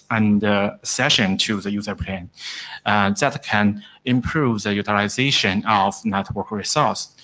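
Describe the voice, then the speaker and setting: A man, not an English speaker, giving a technical presentation at a standards meeting, with many pauses and restarts. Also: lowish voice, a bit bright, low-quality recording. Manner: halting, frequent "uh", broken grammar. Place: conference room.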